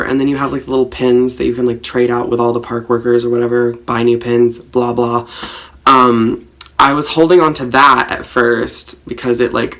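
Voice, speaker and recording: A man's voice: mid-range voice, fairly bright tone. A man vlogger telling a personal story in a rambling, self-mocking way, full of fillers. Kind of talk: storytime vlog.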